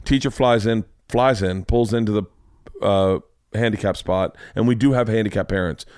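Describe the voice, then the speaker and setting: A man's voice: moderate pace, clear, resonant tone, no room sound. Brief: rowdy podcast host, man in his 40s, big voice, dry close mic. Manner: loud, animated, swearing, acts out quotes with big pitch jumps. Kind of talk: casual chat, storytelling.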